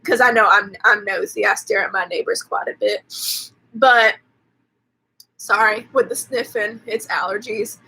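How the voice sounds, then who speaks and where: A woman's voice: medium pitch, steady tone, measured pace, pushed and bright, slightly rough, rough recording. A woman hosting a casual live movie recap, chatty and profane, with lots of "like" fillers. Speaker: host.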